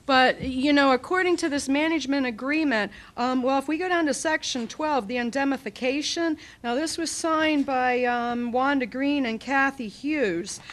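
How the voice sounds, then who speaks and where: High-pitched woman, emotional and heated. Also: normal speed, few pauses. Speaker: public commenter. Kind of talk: public comment at a county meeting. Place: county commission meeting room.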